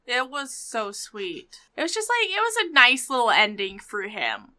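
A woman's voice: a little high, very animated, normal speed, sharp tone. A woman co-hosting a casual film review podcast, reacting and agreeing in short responses. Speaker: podcast co-host.

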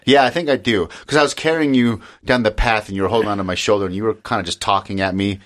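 A young man co-hosting a podcast in casual chat, telling an animated story, acting out the quotes and laughing often. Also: on the low side, fast talker. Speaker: podcast co-host.

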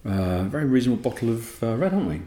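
A man's voice: mid-range voice, very animated, rapid-fire, dark tone, roomy sound, a little hiss or hum. A sleep-deprived man co-hosting a podcast in rambling, self-deprecating casual chat. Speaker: podcast co-host.

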